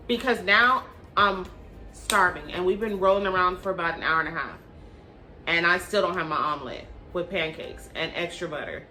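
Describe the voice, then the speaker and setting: A woman vlogger tells a storytime to camera in a bright, forward voice. She is blunt and animated, dropping slang and swear words as she goes. Soft music plays faintly behind her. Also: lowish voice, fairly quick.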